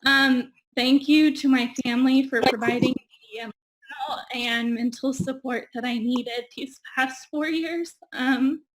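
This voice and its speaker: A woman's voice: high-pitched, steady tone, measured pace, slight background noise. Emotional young woman thanking people. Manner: many ums, getting teary. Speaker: graduating audiology student. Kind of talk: emotional thank-you speech on a video call. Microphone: video call.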